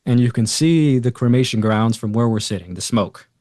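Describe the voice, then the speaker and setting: A man with a medium-pitched voice speaks at a moderate pace in a dry, studio-quality recording. As a podcast guest, he casually tells a personal story, animatedly quoting other people's lines and using many fillers.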